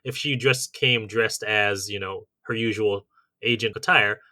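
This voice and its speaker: A man's voice: lowish voice, steady tone, a little slow, pushed and bright, no room sound. A man co-hosting a podcast in casual chat, methodically reading out a list of tips and adding his own comments. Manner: methodical, reads out lists of tips. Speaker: podcast co-host.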